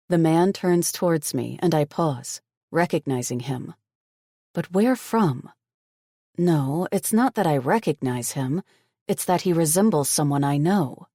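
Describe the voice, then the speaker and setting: A woman's voice: low-pitched, expressive, a little slow, warm tone, no room sound. A woman narrating a first-person audiobook in a blunt, sarcastic manner with plenty of swearing, close to the mic.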